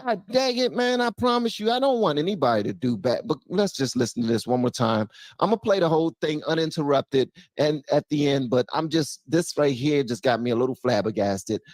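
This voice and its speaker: Exasperated mocking commentary host. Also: male voice, a little high, lively intonation, brisk, hardly any pauses, no room sound. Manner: exasperated, mocking, swings from loud outbursts to mutters. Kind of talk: reaction commentary.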